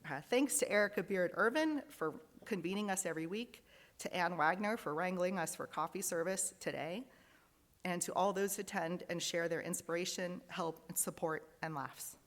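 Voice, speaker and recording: A woman with a lowish voice reads out joys and sorrows to a congregation, earnest and heartfelt. Her words carry a long reverb from a large hall. She reads at a steady, measured pace. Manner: earnest, reading aloud, emotional at times. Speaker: lay worship leader. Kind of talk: reading joys and sorrows in a service.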